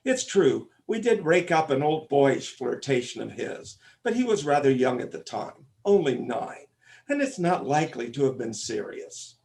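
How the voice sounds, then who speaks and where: A man's voice: mid-range voice, very animated, normal speed, vocal fry, a little mellow. A man playing a fussy, pompous father of the bride on stage. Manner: pompous, fussing. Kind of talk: stage comic opera acting.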